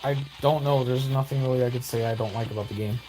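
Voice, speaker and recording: A young man giving excitable, rambling gameplay commentary with exaggerated outbursts. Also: medium pitch, fast talker, faint music behind. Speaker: gaming YouTuber.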